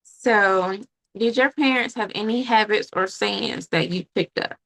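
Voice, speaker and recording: A woman hosting a casual podcast conversation, talking earnestly and reflectively in quick bursts. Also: medium pitch, vocal fry, fairly bright tone. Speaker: podcast host.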